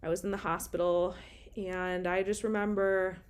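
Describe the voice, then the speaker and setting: A woman's voice: on the low side, little pitch movement, normal speed, clear, resonant tone. A young woman telling a personal story in a casual, candid monologue. She is emotional and swears often.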